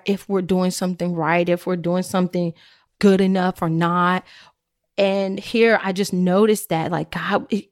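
A woman's voice: lowish voice, darkish tone, no echo, studio quality. A woman hosting a faith-based podcast, talking earnestly and reflectively straight to her listeners. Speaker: podcast host.

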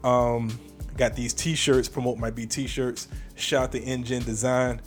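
Man, podcast host, casual chat, easygoing, mid pitch, quiet music underneath. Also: level tone, a little slow. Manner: laid-back, laughs often, repeats himself.

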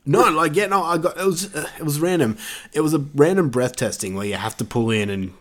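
A man's voice: fairly high pitch, brisk. A young Australian man chatting casually on a podcast, rambling with lots of fillers, swearing and laughing often. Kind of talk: casual chat.

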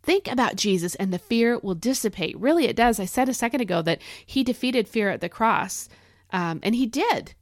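Reading scripture to listeners on her devotional podcast, a middle-aged host speaks in a fairly high voice at a moderate pace. She talks earnestly and emphatically, with a lively, encouraging delivery, and the studio-quality audio has no room sound.

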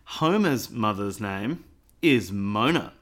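A man's voice: lowish voice, lively intonation, slow pace, a bit bright. A man co-hosting a podcast in casual chat, with dry, rambling jokes. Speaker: podcast co-host.

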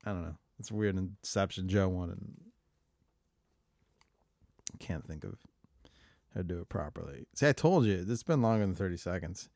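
A man's voice: deep voice, normal speed, vocal fry, pauses often, darkish tone, dry recording, studio quality. A man co-hosting a podcast, rambling and joking casually while filling airtime, swearing freely. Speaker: podcast co-host.

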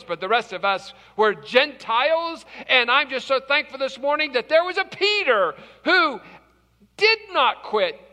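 Bright-voiced pastor preaching dramatically. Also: male voice, very high-pitched, in a large hall. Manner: dramatic storytelling with big swings between loud and hushed. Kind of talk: sermon. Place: church service, live streamed.

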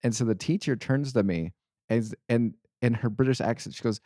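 A man's voice: medium pitch, moderate pace, dark tone, no echo, studio quality. A man co-hosting a casual podcast, telling rambling anecdotes with frequent restarts. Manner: rambling storyteller, restarts often. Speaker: podcast co-host. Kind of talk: casual chat.

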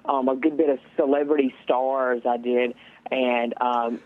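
A man's voice: mid-range voice, level tone, measured pace. A teenage boy with a Georgia accent calling in, hesitant and full of ums and restarts. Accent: Southern US, Georgia. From Georgia, USA. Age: teens. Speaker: caller. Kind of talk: phone-in interview. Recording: tinny phone line.

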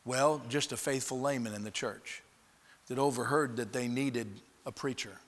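A man's voice: medium pitch, moderate pace. A man preaching a sermon, telling a story with lots of restarts and acting out the people in it. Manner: animated storyteller acting out dialogue, frequent restarts. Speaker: pastor. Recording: long hall reverb.

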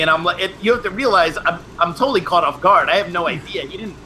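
Middle-aged male host, rambling storyteller, bright and a touch high. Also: quick pace, a little hiss or hum, rough recording. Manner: rambling, with frequent restarts and laughs. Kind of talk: casual storytelling chat.

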